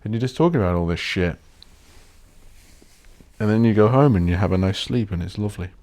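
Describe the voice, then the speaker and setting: A man hosting a solo podcast, rambling bluntly and swearing while he thinks out loud. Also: lowish voice, brisk. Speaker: podcast host.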